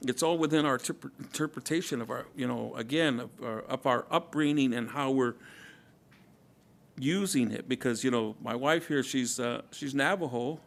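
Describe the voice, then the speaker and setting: A man speaking at a conference in a reflective, halting way, often repeating words and using many fillers. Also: medium pitch, gravelly. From Kumeyaay community, Southern California. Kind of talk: casual, reflective talk.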